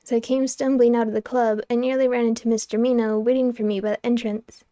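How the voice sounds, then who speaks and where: A young woman reads a game's story aloud in a lively, wry way. Her voice sits a little high, with a mellow, soft tone. The microphone is close and the sound is dry. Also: quick pace, no room sound. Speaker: streamer reading a game aloud. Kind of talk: expressive narration of a game's text.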